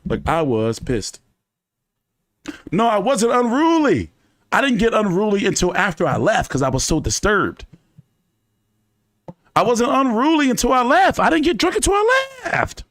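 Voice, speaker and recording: Animated, profane man telling stories. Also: high voice, normal speed, long pauses, dry recording, clean studio sound. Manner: animated, profane, many fillers. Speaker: streamer hosting a fan chat. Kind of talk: casual storytelling to a live chat.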